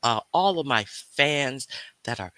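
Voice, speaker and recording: A man's voice: medium pitch, lively intonation, takes it slowly, sharp tone, no echo. A man hosting a casual livestream, teasing the chat, reading out viewer names and breaking into snatches of song. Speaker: livestream host.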